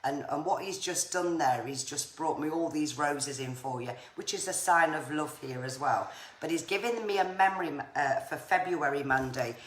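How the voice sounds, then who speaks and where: Lady doing spirit readings on a live stream, low voice, chatty and reassuring, kinda echoey room with a bit of hiss. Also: normal speed. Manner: chatty, reassuring, says viewers' names often. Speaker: psychic medium. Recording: echoey room with faint noise.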